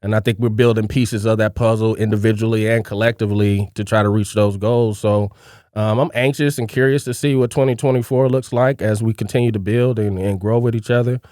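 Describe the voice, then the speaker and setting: A man co-hosting a podcast, speaking in a measured, reflective way with frequent fillers. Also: on the low side, steady tone, a little mellow, no echo, studio quality. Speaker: podcast co-host. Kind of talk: casual chat.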